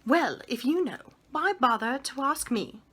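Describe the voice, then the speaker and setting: A woman's voice: sits high, sing-song, a little slow, a bit bright, slightly rough, voice pushed up, heavily acted. A woman voicing a prim, stern nanny who speaks in a clipped, haughty, scornful way.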